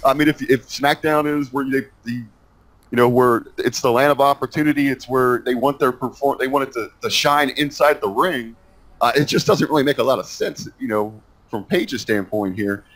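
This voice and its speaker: A man's voice: mid-range voice, normal speed, fairly bright tone, low-quality recording. A man in a casual wrestling chat who rambles and hesitates with many fillers.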